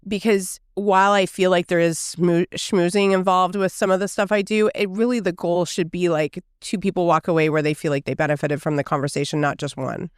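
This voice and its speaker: Woman from Canada, smooth clear voice, dry close sound, chatty with filler words, casual podcast talk. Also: on the low side, steady tone, fairly quick, hardly any pauses, dry recording. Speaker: podcast guest. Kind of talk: casual chat. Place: outdoor patio.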